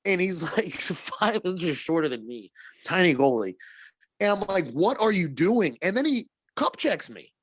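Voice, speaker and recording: Brief: male podcast co-host, animated storyteller, salty and laughing, dry close mic. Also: high-pitched, unhurried, no room sound. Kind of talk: casual chat.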